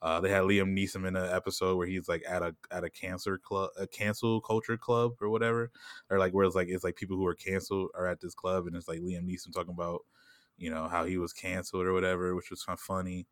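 Deep voiced dude just rambling about tv, lots of "like", dry mic. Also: male voice, flat delivery, no echo. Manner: rambling, heavy "like" and "you know what I'm saying"; laughs often and puts on quick voices when quoting people. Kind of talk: casual chat.

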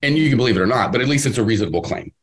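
Fast-talking animated man with lively pitch. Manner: animated, emphatic, acts out quoted voices. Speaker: podcast host and business coach. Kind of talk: casual podcast advice.

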